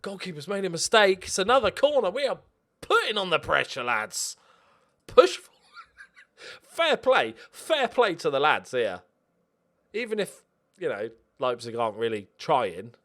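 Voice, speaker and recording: A man hosting a football management game playthrough, commentating in an excitable, sarcastic, self-mocking way. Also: sits high, moderate pace. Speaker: let's play host. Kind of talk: gaming commentary.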